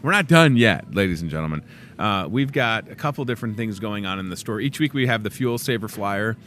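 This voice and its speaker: Male in-store show host, low-pitched, casual, jokey asides, faint store noise behind. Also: a little fast. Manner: chatty, joking asides, lively swings in pitch. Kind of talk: casual promo chat. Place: grocery store.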